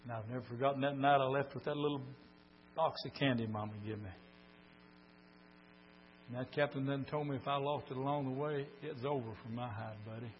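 An older man preaching a sermon, telling folksy stories and swinging from quiet talk to shouts. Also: medium pitch, fairly even intonation, a little fast. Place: church meeting. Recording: dull lo-fi recording with mains hum.

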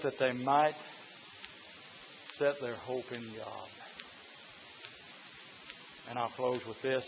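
A preacher, delivering a fiery revival sermon, folksy and hollering in bursts, sometimes out of breath. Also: male voice, medium pitch. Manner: shouts and hollers in bursts, folksy, runs laps while preaching. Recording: dull lo-fi recording with faint hiss.

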